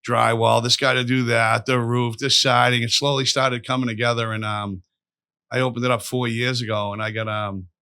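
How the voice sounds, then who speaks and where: A man's voice: mid-range voice, normal speed, smooth, no room sound, studio quality. A man telling rambling, profane stories as a podcast guest. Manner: profane, rambling, animated storyteller. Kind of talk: storytelling in a casual interview.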